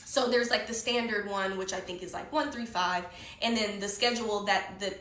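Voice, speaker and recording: A woman telling a story in casual conversation, animated and heated, swearing often, recorded in an echoey room. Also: mid-range voice, moderate pace. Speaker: guest storyteller.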